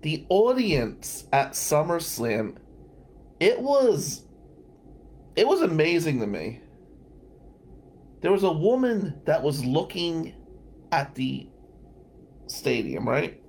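Gravelly, animated male storyteller. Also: on the high side, takes it slowly, pauses often. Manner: animated, laughing, swearing storyteller. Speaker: lawyer and show host. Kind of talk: storytelling monologue.

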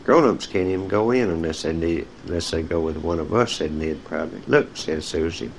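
A man's voice: low voice, fairly quick, creaky, a little hiss or hum, rough recording. A man reading children's picture-book stories aloud, speaking directly to young listeners and telling them when to turn the page. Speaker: storyteller.

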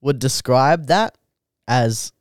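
A man's voice: takes it slowly, dry recording, clean studio sound. A man co-hosting a comedy podcast, bantering and swearing in loose chat. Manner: banters, swears, pitches up into mock indignation. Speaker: podcast co-host.

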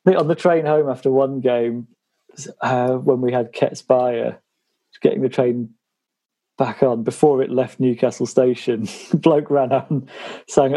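Mellow guy on a footy podcast, giggles through his stories. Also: medium pitch, fairly even intonation, measured pace, breathy edge. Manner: tells stories laughing through them. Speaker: podcast co-host. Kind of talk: casual chat.

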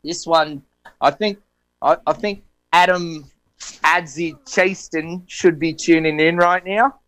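A man's voice: on the high side, steady tone, slow pace, fairly bright tone, low-quality recording. A man co-hosting a radio show, presenting a history segment in a loose, laughing, joking way. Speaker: radio co-host. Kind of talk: casual radio banter.

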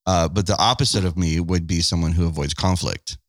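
A man with a deep, low voice chats on a podcast beside his wife. He is candid and pokes fun at himself, acting out old arguments as he goes. The sound is dry and close, with no room echo. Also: brisk. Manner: candid, self-deprecating, acts out past conversations. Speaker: podcast co-host. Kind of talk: casual couple's podcast chat.

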